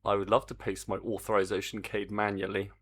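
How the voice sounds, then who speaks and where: A man with a lowish, fairly bright, breathy voice speaks briskly in a flat delivery. Streaming his game development, he keeps up casual live chat while coding, humming to himself and muttering in exasperation.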